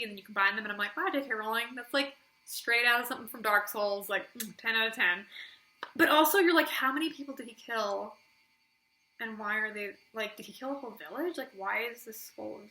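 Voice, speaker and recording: A woman's voice: on the high side, bright, forceful tone. A woman hosting a casual book review, rambling with many "like" fillers and acting out her own reactions as she retells the story. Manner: rambling, heavy use of "like" fillers.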